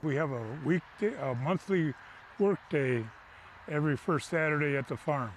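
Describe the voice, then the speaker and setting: A man's voice: a little high, moderate pace, a little hiss or hum, rough recording. A man speaking casually in an outdoor interview. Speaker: farm caretaker. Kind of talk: interview soundbite.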